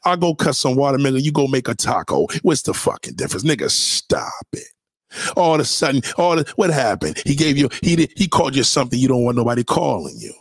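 A man with a husky, somewhat raspy voice reacts to a clip with heated, profane commentary. He mocks and scolds, jumping into abrupt loud outbursts. The sound is close and dry, with no room around it. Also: medium pitch, very animated, quick pace, dry recording. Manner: heated, mocking, swings into sudden shouts.

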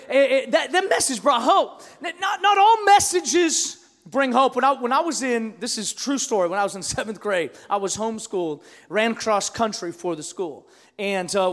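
High-voiced animated preacher man. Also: big-room sound. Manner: storytelling with wide swings between loud shouts and hushed asides. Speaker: pastor. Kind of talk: sermon.

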